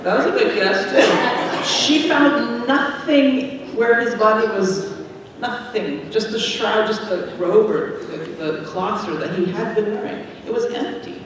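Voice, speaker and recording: A woman minister telling a simple story to children during a church service, in a gentle, plain way. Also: medium pitch, slow pace, slight background noise. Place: large church sanctuary. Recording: echoey sanctuary from far off.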